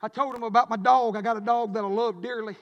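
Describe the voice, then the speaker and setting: A man preaching a sermon, swinging from quiet storytelling to shouted preaching. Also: extremely high pitch, fairly even intonation, fast, in a large hall, muffled recording. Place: church.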